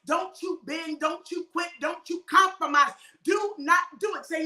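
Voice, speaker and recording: A woman with a New York accent preaching fiercely as a show host, hammering home repeated declarations and often shouting. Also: very high-pitched, a little slow, few pauses, recorded from a distance. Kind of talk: fiery preaching. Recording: echoey room, voice away from the mic.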